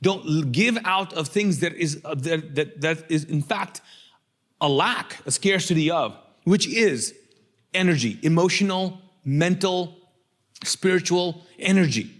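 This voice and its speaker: A middle-aged male pastor preaching a lively sermon, asking the congregation to call out answers. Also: a little high, measured pace. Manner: lively, rhetorical, drawing call-and-response from the congregation.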